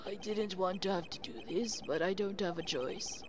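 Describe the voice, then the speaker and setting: A stern older male judge presiding over court, formal and measured in every word, as a woman reads him out. The pitch sits in an ordinary middle range for a woman. It is video game dialogue. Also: noisy background, lightly acted.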